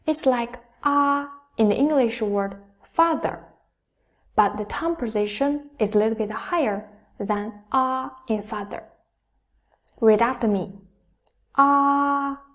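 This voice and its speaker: A woman with a high voice teaches a language lesson at a very slow, deliberate pace. She says each syllable and tone aloud for the learner to repeat. Her delivery is patient and methodical, like a teacher running a drill. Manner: careful, deliberate, demonstrating each sound aloud.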